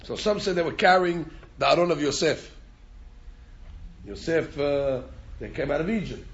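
A man's voice: fairly high pitch, expressive, normal speed, dull audio. A man teaching an informal Torah class, repeating words as he restarts and chanting Hebrew verses.

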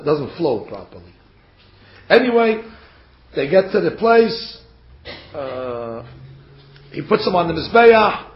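A man teaching a Torah class, reading verses aloud and acting out the figures' words in a lively way. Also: fairly high pitch. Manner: animated, acts out the figures' words. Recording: dull, echoey room.

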